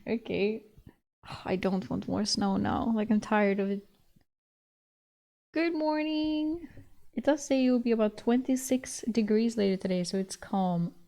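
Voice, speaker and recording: A woman's voice: mid-range voice, normal speed, vocal fry, dark tone. A young woman streamer chatting casually with her viewers, laughing often and swearing casually.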